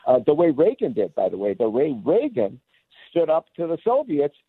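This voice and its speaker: A male commentator talking on the phone, animated and insistent, with many fillers. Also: fairly high pitch, moderate pace, breathy edge, dry recording. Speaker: guest commentator. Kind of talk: opinionated phone interview. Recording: tinny phone line.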